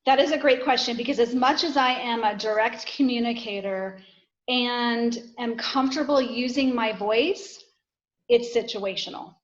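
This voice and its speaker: A woman, a guest author, talks through her personal stories in a candid, self-deprecating way. Her voice sits a little high. The recording sounds dull and lo-fi. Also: normal speed. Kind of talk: casual podcast conversation.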